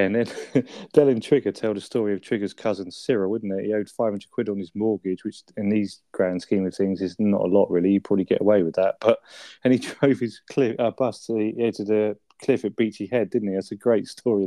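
Laughing man, dark low voice. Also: fairly even intonation, brisk, no room sound, studio quality. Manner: laughs often, swears, quotes characters. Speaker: podcast co-host. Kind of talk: casual chat reviewing a sitcom episode.

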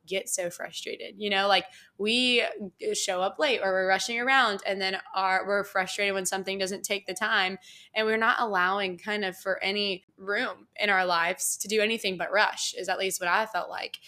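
A bright, clear-toned young woman tells a personal story on her podcast. Her talk is loose and chatty, packed with "like" and "you know," and she acts out the dialogue as she goes. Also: mid-range voice. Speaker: podcast host. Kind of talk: casual storytelling monologue.

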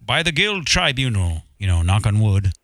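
A man voicing a stiff, pompous old-fashioned radio announcer from the Midwest, with formal, deadpan diction. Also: fairly low pitch, normal speed, dry recording, voice pushed down. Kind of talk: comedy improv as a vintage radio man.

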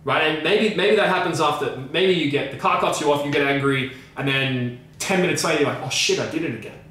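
A man's voice: a little high, a little fast, fairly bright tone. A man co-hosting a podcast as a coach, talking emphatically with frequent swearing and repeated phrases. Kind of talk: casual podcast discussion. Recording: very echoey room, mic at a distance, faint noise.

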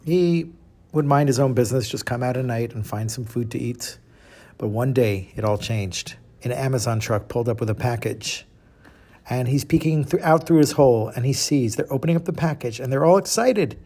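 A man telling a moral fable to listeners in a casual, animated way, with small restarts. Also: medium pitch, moderate pace. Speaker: storyteller.

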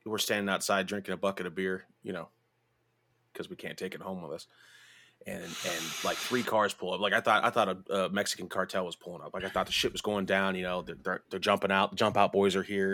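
Low-voiced guy on a podcast, cussing, animated storytelling, dry close mic. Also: no echo. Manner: profane, animated, bursts into high mimicking voices. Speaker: podcast host. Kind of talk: casual storytelling chat.

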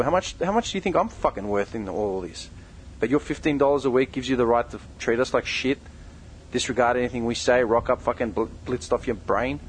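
A man's voice: medium pitch, poor audio. Man, young adult, angry rant, heavy swearing, confrontational, faint noise behind. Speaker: podcast co-host. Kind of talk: angry direct-address rant.

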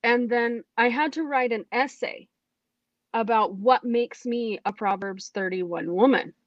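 A woman telling her personal testimony in a casual, animated way, acting out what she said back then. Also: on the high side, measured pace, dry recording, lo-fi sound. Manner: animated, acts out her own past remarks. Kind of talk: casual storytelling.

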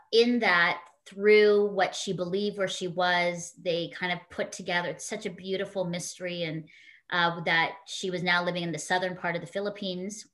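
A woman's voice: fairly low pitch, fairly bright tone. A woman guest in an interview, telling a personal story in an earnest, heartfelt way with frequent fillers.

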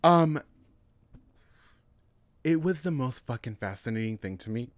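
Excitable, gushing man, dry mic. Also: medium pitch, measured pace, dry recording. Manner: excitable, gushing, swears often. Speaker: podcast co-host. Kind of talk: casual chat.

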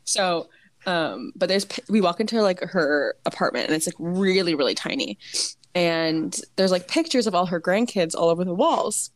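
A woman's voice: lowish voice, expressive, moderate pace, dry recording. A young woman co-hosting a podcast, telling a family story in a rambling way, full of fillers and laughter. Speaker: podcast co-host. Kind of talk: casual chat.

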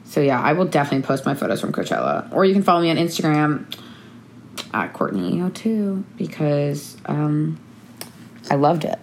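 A young woman with a slightly low voice, talking in a bubbly, chatty way. She recaps her year in casual conversation with a friend, words tumbling out with plenty of "like". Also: big pitch swings, moderate pace, creaky, a little mellow, a little hiss or hum. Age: young adult.

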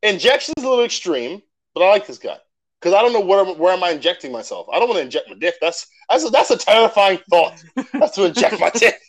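A man's voice: sits high, sing-song, fast talker. A man co-hosting a podcast in a casual chat, laughing often and joking around. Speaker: podcast co-host.

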